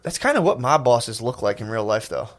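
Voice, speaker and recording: A man in his thirties co-hosting a comedy podcast, with quick reactions and rambling asides. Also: mid-range voice, very animated. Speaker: podcast co-host. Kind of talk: casual comedy podcast chat.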